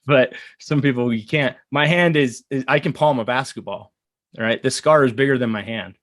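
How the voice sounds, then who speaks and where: A man's voice: mid-range voice, no room sound. Guy in his 30s telling his story, earnest, lots of ums and restarts, dry close sound. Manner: earnest, halting with fillers and restarts. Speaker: guest. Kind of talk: casual storytelling.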